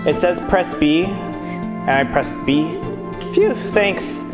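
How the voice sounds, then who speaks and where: A man's voice: on the high side, slow pace. A man streaming a game, chatting playfully, singing along and reading lines aloud over game music. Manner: playful, sings along and drops into voices. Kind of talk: casual gameplay commentary, reading dialogue aloud.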